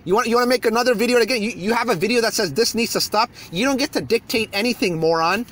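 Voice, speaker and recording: A man's voice: very high voice, fast talker, a bit bright. A man on his YouTube channel, ranting heatedly and hurling insults from a parked car. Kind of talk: angry rant video.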